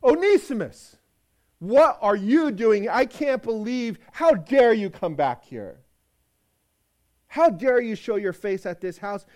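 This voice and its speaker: Brief: outraged householder, loud and demanding, voiced by a man. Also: high-pitched, big pitch swings, slow, pitched above the performer's own voice, exaggerated voice. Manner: indignant, demanding. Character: stern, outraged wealthy master of a house.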